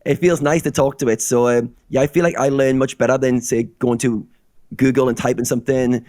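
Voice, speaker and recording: A man's voice: medium pitch, fairly even intonation, dark tone, dry recording, clean studio sound. A man co-hosting a podcast, talking eagerly in casual chat and acting out little back-and-forth dialogues. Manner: eager, rapid-fire, acts out dialogues.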